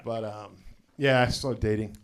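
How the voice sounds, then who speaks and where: A middle-aged man doing a live stand-up set, telling stories in a loose conversational way with deadpan punchlines and lots of "you know" asides. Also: lowish voice, a little slow, clean tone. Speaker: stand-up comedian.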